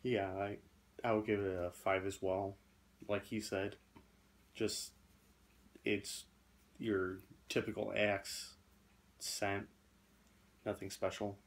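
A man's voice: fairly low pitch, level tone, takes it slowly, long pauses. A man co-hosting a casual product review, easygoing and agreeable, with hesitant fillers. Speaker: co-host of a fragrance review channel.

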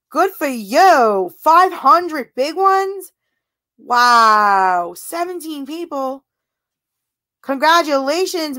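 A woman's voice: high-pitched, sharp tone. A woman chatting casually on a livestream, reading out viewer comments, giggly and laughing often, thanking viewers. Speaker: livestream host.

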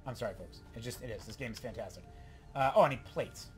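A man hosting a let's play, giving excitable, rambling gameplay commentary and talking to himself. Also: mid-range voice, quick pace, soft background music.

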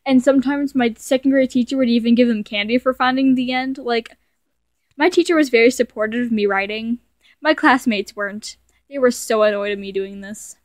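A woman's voice: a little high, fairly quick, no room sound, studio quality. A young woman video creator rambling in casual commentary as she reads her childhood stories aloud, self-mocking, stumbling and correcting herself.

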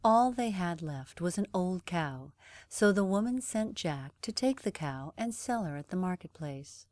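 Slow gentle woman storyteller. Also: fairly low pitch, expressive, no room sound. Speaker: narrator. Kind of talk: bedtime story reading.

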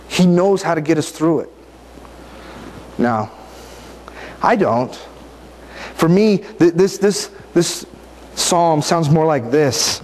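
A man preaching in a talkative, conversational way, often turning to his listeners with questions. His voice sits a little high for a man. Faint noise hums under the recording. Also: lively intonation, slow, long pauses, darkish tone. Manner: conversational, asks the audience questions. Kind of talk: sermon.

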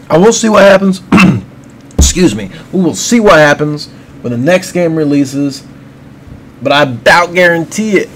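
Man, gaming rant, frustrated, swears a lot, rambling, apologetic to viewers, somewhat high voice. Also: slight background noise. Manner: apologetic and friendly toward viewers. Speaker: gaming video creator. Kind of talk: unscripted ranting commentary.

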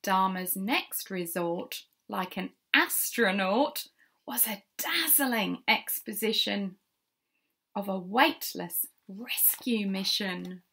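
A woman storyteller reads a rhyming children's book in a slow, sing-song way. Her bright, crisp tone sits slightly high, with a gravelly edge of fry. She often asks her young listeners questions and sometimes drops into soft whispers. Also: expressive. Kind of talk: reading a rhyming picture book aloud.

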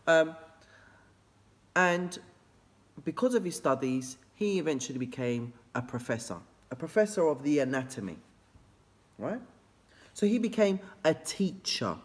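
Male teacher, animated and playful, pitch swings wide, chats straight at his students. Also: a little slow. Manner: excitable and jokey, big swoops in pitch, talks straight to students. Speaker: history teacher. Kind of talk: energetic revision video lesson. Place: classroom, filmed after school. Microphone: camera facing out toward board.

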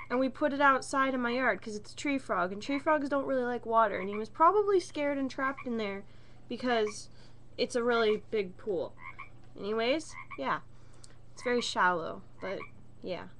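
A woman's voice: fairly high pitch, normal speed. A woman vlogger telling an exasperated, swear-filled story to the camera from her bedroom. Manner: animated, exasperated, swears a lot. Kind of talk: casual storytelling rant. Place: own bedroom.

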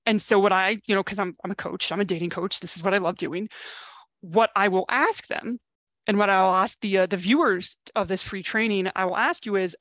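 A woman's voice: mid-range voice, brisk, fairly bright tone, no echo. Blunt, chatty woman dating coach. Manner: blunt tough-love pep talk, casual and chatty with swearing. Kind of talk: coaching video talk to camera.

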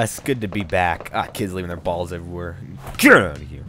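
A man's voice: low voice, fairly quick, background noise. A man giving rambling, silly let's-play commentary, narrating his character in a joking third-person voice. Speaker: gaming YouTuber.

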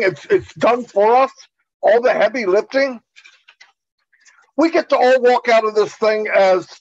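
Man, webinar presenter, high voice, earnest and repetitive, muffled lo-fi call sound. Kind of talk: enthusiastic pep talk. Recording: dull lo-fi call audio.

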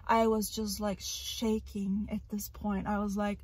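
A young woman retells a frightening incident outdoors in a park in a casual vlog. She sounds shaken and emotional and breaks into loud outbursts. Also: medium pitch, flat delivery, a little slow, husky, no room sound. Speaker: parrot vlogger.

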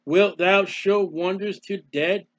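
Male preacher, emotional and repetitive, voicing the psalmist's plea; high, bright voice on a lo-fi recording. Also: fairly even intonation, takes it slowly. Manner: emotional, repetitive, speaks as the psalmist in first person. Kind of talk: impassioned Bible sermon. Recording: dull lo-fi recording.

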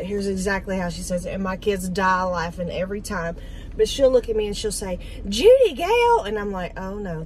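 A woman's voice: mid-range voice, slight background noise, rough recording. A middle-aged woman, talking in a rambling, heartfelt way for a casual vlog, with lots of ums. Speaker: vlogger.

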